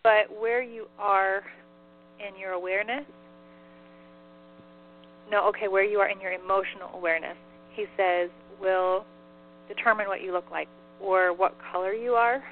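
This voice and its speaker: A woman's voice: medium pitch, steady tone, normal speed, pauses often. Giggly chatty woman on a phone line. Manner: giggly, chatty, many "like" fillers. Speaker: medium relaying a spirit's messages. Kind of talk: casual call-in radio talk. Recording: phone line with faint mains hum.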